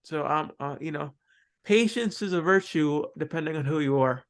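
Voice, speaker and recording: A man hosting a podcast, talking casually and haltingly, often restarting his sentences. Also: on the high side. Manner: halting, loose storytelling with many repeated starts. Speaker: podcast host. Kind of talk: casual conversational interview.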